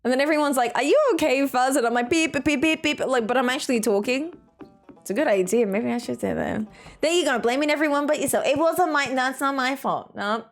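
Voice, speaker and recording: A woman casually chatting as a game streamer, playful and teasing and quick to laugh. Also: sits high, soft background music. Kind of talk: casual live-stream commentary.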